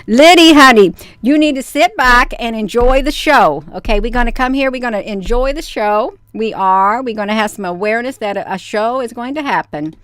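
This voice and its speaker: A woman's voice: on the high side, clear, resonant tone, no room sound, clean studio sound. Chatty woman livestreaming to her viewers. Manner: chatty, keeps addressing viewers as "you all"; reads news aloud and comments on it. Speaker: livestream host. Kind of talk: casual livestream chat.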